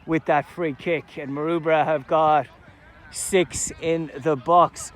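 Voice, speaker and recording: A man giving live play-by-play commentary at an amateur football match outdoors, chatty between plays and loud at goals. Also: on the high side, fairly even intonation, slow pace. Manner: chatty play-by-play, erupts loudly at goals and chances. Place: outdoors at a sports ground.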